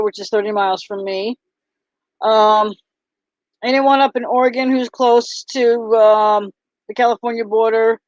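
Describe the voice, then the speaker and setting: Woman vlogger, casual and halting, lots of ums; dry, muffled recording. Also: a little high, darkish tone, no echo. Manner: halting, full of ums and restarts. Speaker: vlogger and bracelet seller. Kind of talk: casual chat to camera. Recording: dull lo-fi, dry sound.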